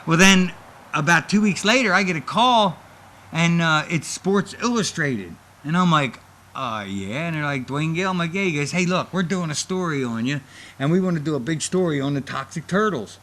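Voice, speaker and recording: A man casually telling stories from his wrestling career in an interview, animatedly acting out the people he quotes. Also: moderate pace. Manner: animated, acts out quoted voices with big pitch jumps.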